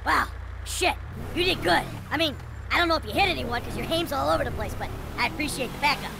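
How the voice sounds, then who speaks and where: A gruff middle-aged crook. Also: male voice, very high voice, expressive, fast, background noise, exaggerated voice. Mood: relieved.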